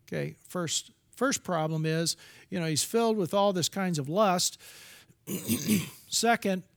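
A man's voice: high voice, a bit bright. A middle-aged man giving a candid, confessional sermon as a preacher, with restarts and asides.

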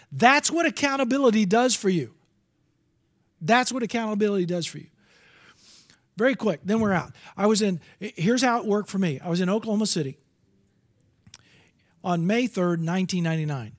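A man's voice: sits high, expressive, brisk, pauses often. A middle-aged man preaching a sermon, earnest and storytelling, acting out bits of dialogue.

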